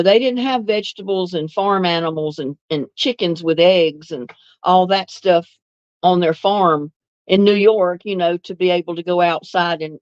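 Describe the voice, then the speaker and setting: A woman's voice: on the low side, a little mellow, no echo, highs cut off. An older woman from North Carolina with a Southern accent mixed with some Northern, chatting on a livestream, reminiscing and reading viewer comments with easy laughs. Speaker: livestream host.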